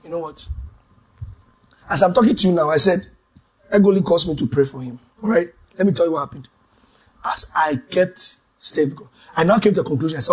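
A man preaching a sermon testimony, dramatic, swinging from shouted lines to hushed asides. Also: on the high side, a little fast, slightly rough.

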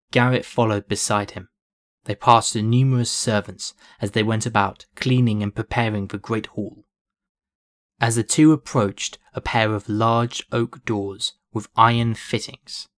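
A man reading a fantasy story aloud in a steady, descriptive storytelling style. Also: on the low side. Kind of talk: scripted narration of a fantasy story.

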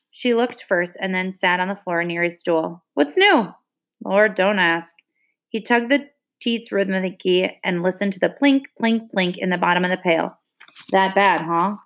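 A woman reading a children's novel aloud, with steady, expressive narration. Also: on the low side. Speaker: reader.

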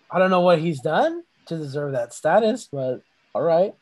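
A young man with a notably high voice chats loosely on a podcast. He rambles through stories full of profanity and breaks into laughter often. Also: darkish tone, low-quality recording. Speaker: podcast co-host. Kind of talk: casual chat.

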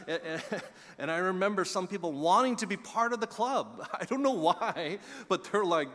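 A middle-aged male pastor preaching a sermon, telling stories with animated emphasis and dropping to quiet asides. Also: high-pitched, normal speed. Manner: animated storytelling, swings between loud emphasis and quiet asides. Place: church sanctuary. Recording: long reverb of a church hall.

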